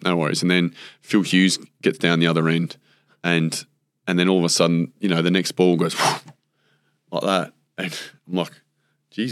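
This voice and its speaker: A man's voice: low-pitched, dry recording, studio quality. An Australian man, a former cricketer, chatting as a guest and telling rambling stories full of fillers and acted-out quotes. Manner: rambling anecdotes with many fillers, acts out quotes. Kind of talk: casual storytelling interview.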